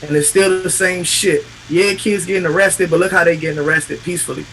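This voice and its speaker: Impassioned high-voiced man, profane and raw. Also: fairly even intonation, fairly quick, fairly bright tone, a little hiss or hum, low-quality recording. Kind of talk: emotional casual chat.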